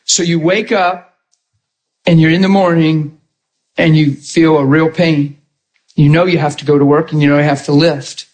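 A man preaching as a pastor, animated and playful, acting out other people's voices as he talks. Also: a little high, moderate pace, long pauses, rough recording. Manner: animated, acts out quoted voices. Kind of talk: lively sermon.

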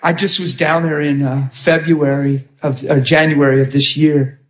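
A man preaching with a slightly high voice, animated and storytelling, often dropping to a soft hush when acting out what others said. The sound is roomy and echoey. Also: moderate pace. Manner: animated, acts out quoted voices softly. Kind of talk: sermon storytelling. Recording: echoey room.

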